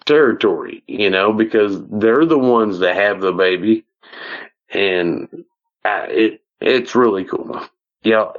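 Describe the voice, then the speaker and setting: A man's voice: mid-range voice, lo-fi sound. A middle-aged man with a Southern US accent, telling stories as a podcast guest in a folksy, rambling way with frequent restarts. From American South. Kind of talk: casual storytelling.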